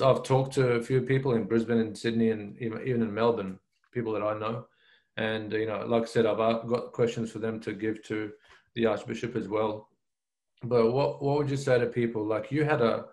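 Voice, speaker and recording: A man's voice: on the low side, creaky, rough recording. A man hosting an interview, asking long, rambling questions with restarts. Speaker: podcast host.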